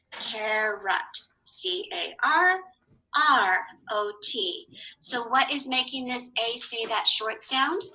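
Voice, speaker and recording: A woman teacher giving a recorded phonics lesson for children, encouraging and spelling words slowly letter by letter. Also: on the high side, sharp tone, low-quality recording.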